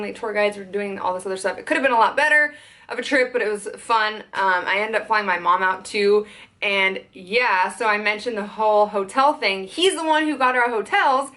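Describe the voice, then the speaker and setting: Young adult female content creator, high-ish voice, venting storytime, fast and agitated. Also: bright, forceful tone. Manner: fast, worked-up, swearing.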